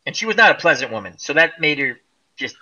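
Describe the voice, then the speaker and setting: A middle-aged man spinning stories in a casual online chat, his voice very bright and ringing, with lively swings in pitch. He talks animatedly and acts out the people he quotes. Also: fast, highs cut off. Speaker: host. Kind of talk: casual group chat, storytelling.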